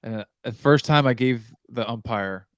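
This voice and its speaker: A man's voice: mid-range voice, moderate pace, no room sound. Man co-host, chatty and laughing, close dry sound. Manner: laughs often, rambling and venting. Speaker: podcast co-host. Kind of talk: casual chat.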